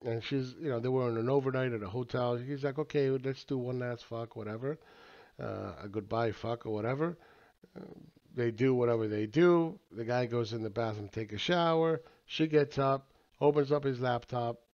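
A man's voice: mid-range voice, normal speed, a little mellow. Brief: man with a mid-range voice, casual market commentator, rambling and profane, slightly dull lo-fi recording. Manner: rambling, profane, with filler words and laughs. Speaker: market analyst.

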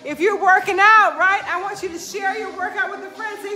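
Over music, a woman coaching fitness delivers an energetic, preachy motivational talk to live viewers. Her pitch is extremely high, her pace moderate, and "right?" comes up again and again.

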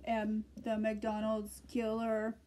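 A woman voicing a toy pony that acts as a stiff, flat-voiced robot during pretend play with plush toys. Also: a little high, slow pace, slight background noise. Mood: robotic. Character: toy pony, female, cast as a monotone robot.

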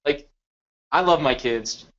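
A middle-aged man, a photographer, telling a story in a halting, heartfelt way, often repeating words. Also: fairly high pitch, a bit bright. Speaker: photographer, guest co-presenter. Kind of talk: conversational storytelling. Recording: dull lo-fi recording.

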